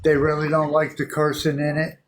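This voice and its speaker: A man hosting a casual live stream, easygoing and quick to laugh, chatting about dinner and his dog. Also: on the high side, monotone, a loud crowd. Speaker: livestream host.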